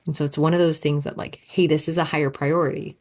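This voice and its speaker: A young woman with a low voice hosts a solo podcast as a coach. She talks in a loose, chatty way and keeps acting out her own thoughts as quoted asides. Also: little pitch movement, fast, a little mellow.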